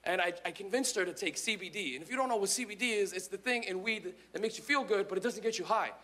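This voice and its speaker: A man telling animated stand-up stories on stage. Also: sits high, quick pace. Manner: animated storytelling. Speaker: stand-up comedian. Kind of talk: stand-up comedy.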